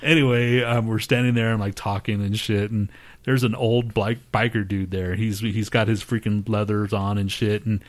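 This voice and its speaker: Lowish-voiced man telling a crude story. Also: fairly even intonation, moderate pace. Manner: profane, laughing, mimics others in high voices. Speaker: podcast co-host. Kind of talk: casual storytelling chat.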